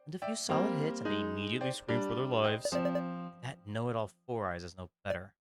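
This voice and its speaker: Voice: mid-range voice, animated, brisk, natural voice. A streamer voicing a bossy, bratty young princess while reading game dialogue aloud on stream, with a sneering, blunt manner and music playing behind. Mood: scornful.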